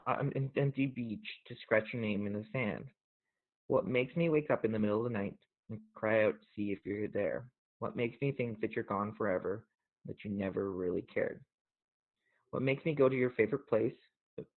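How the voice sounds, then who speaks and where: A man hosting a show, talking casually in an earnest, reflective way and reading poems aloud, gently emotional. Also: on the low side. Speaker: podcast host. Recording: tinny phone-like audio.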